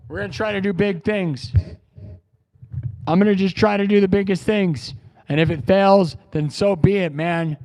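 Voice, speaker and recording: His voice sits high and sounds a little mellow. Grieving on a live stream, this young improv musician talks emotionally and casually, rambling, repeating himself and calling people "dude" and "bro."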